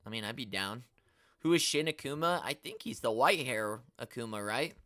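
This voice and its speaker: A man's voice: mid-range voice, expressive, normal speed, bright, forceful tone, no echo, clean studio sound. A young man hosting a casual live stream, rambling in slangy talk and getting exasperated as he reads and answers chat. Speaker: host of a toy collecting live stream.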